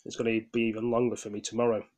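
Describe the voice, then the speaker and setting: A man's voice: medium pitch, little pitch movement, racing, a little mellow. A tired man, ranting heatedly in a casual vlog, swearing, rambling with restarts and apologizing as he goes. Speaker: gaming vlogger.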